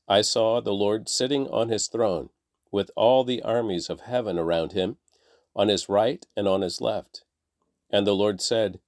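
A man reading a Bible passage aloud in a measured, plain way, lifting his voice for quoted lines. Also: on the low side, darkish tone, no room sound, clean studio sound. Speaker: Bible reader. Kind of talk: scripture reading.

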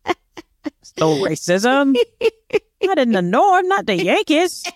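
A woman voicing a sarcastic mock denier of racism, in a high and exaggerated tone. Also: very animated, slow, no echo, clean studio sound, heavily acted.

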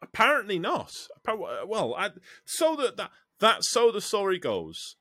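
Guy hosting a podcast, bright voice, jumps around in pitch, stumbles a lot. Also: unhurried, no room sound, studio quality. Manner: animated, stumbling restarts, swears. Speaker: podcast host. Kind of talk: casual chat.

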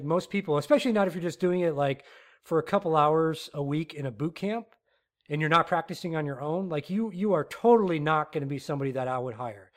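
Rambling man on a podcast rant. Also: on the high side. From Texas. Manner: animated, rambling, many fillers and restarts. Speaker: podcast host.

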